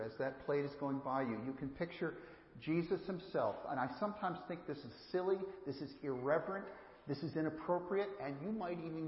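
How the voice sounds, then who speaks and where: A man giving a sermon as pastor, earnest and repeating words for emphasis, often speaking straight to the children. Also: medium pitch. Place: church sanctuary. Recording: echoey hall, dull lo-fi sound.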